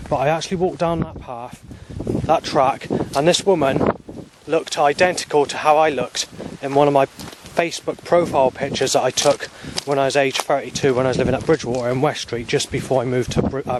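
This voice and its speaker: A man, rambling and swearing as he walks outdoors filming on his phone, at times flaring into angry shouting. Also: medium pitch, fairly even intonation, a little fast, background noise. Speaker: vlogger. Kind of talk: rambling walking vlog monologue. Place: outdoors, walking along paths. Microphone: handheld phone camera.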